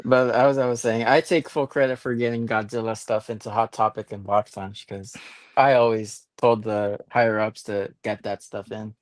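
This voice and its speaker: A man's voice: fairly low pitch, little pitch movement, normal speed, no echo. Easygoing man chatting on a podcast. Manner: easygoing, hesitant with fillers. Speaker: podcast guest. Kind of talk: casual chat.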